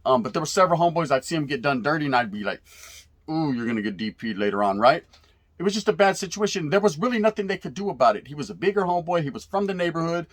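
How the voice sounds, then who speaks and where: His voice is a little high, expressive, and rapid-fire. A Californian in his forties, he casually tells stories about being locked up as a youth, mixing Spanish into his street slang, cursing a lot, and ending lines with "right?"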